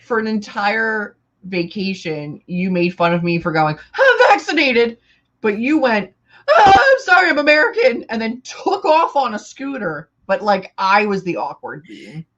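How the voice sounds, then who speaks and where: A woman hosting a casual live-stream chat, her pitch leaping around as she acts out quotes with big energy. Her voice sounds a little worn from long streaming. The sound is dull and lo-fi. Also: measured pace, few pauses. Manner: animated storyteller, acts out quotes loudly. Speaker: host.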